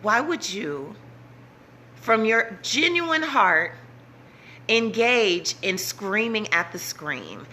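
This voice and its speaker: A woman's voice: mid-range voice, sing-song, extremely slow, sharp tone, a little hiss or hum. A woman vlogger talking straight to her audience in an impassioned, urgent way, repeating herself to drive points home. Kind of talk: impassioned direct-to-camera talk.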